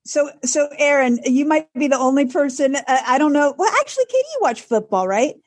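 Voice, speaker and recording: Woman co-host, halting and chatty. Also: sits high, lively intonation, dry recording, studio quality. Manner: hesitant, many fillers and restarts. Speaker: podcast co-host. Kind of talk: casual chat.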